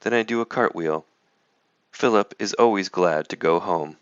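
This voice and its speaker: Reading a children's picture book at normal speed, a man with a deep, smooth voice gives it lively expression. The sound is close and dry, with no echo, though slightly muffled.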